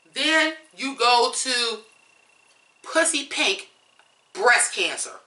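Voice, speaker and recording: A woman's voice: fairly high pitch, lively intonation, very slow, pauses often, bright, forceful tone, echoey room. A woman reviewing songs in a blunt, profane, fired-up rant. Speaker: music reviewer. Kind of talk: ranting song review.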